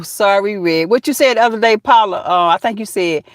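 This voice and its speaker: A woman's voice: mid-range voice, animated, normal speed, no room sound, studio quality. A woman hosting a casual live chat, reading out comments, laughing often and talking straight to her viewers. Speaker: livestream host.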